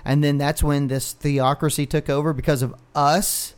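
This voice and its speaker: A man's voice: fairly high pitch, level tone, moderate pace, clear, resonant tone. A man co-hosting a podcast, ranting in casual, profane chat. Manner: ranting, heavy swearing. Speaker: podcast co-host.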